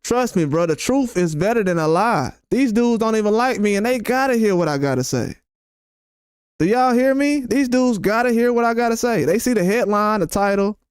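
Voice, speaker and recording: A man's voice: high voice, expressive, moderate pace, smooth, no room sound, studio quality. A man hosting a boxing channel, ranting on a live stream in a blunt, profane and repetitive way. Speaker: boxing YouTuber host. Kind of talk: heated live-stream rant.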